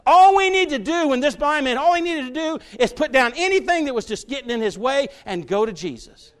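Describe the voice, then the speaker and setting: A man preaching a sermon to his church, folksy and direct with the congregation, often building to loud, fervent stretches. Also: very high-pitched, animated, brisk. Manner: folksy, talks straight to the congregation, builds to shouts.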